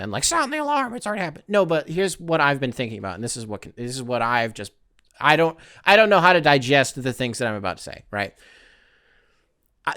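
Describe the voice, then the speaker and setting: Male solo podcast host, slightly high, smooth clean voice, dry close sound, rambling and profane. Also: a bit bright, no echo. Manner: rambling, profane, tongue-in-cheek. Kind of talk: casual solo commentary.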